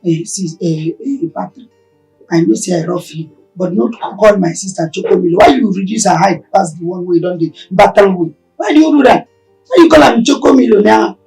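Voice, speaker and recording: A woman's voice: medium pitch, brisk, darkish tone, far from the mic, lightly acted, poor audio. An actress voices a defensive, argumentative girlfriend with a Nigerian Pidgin accent. Her voice sits in the middle range and carries from a little way off the mic. Music plays underneath. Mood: indignant. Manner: pleading, argumentative. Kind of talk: Nollywood film acting.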